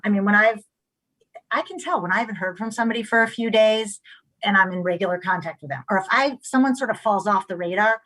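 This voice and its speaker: A middle-aged woman speaking as an expert on a discussion panel. Her voice sits at an ordinary middle pitch. She talks in an animated way, restarting often and acting out quoted lines. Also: low-quality recording. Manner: animated, acts out quoted speech, frequent restarts.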